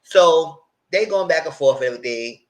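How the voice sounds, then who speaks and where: A man's voice: on the high side, lively intonation, normal speed. Man rambling through a casual TV recap. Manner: rambling retelling with quoted asides. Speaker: reality TV recap host.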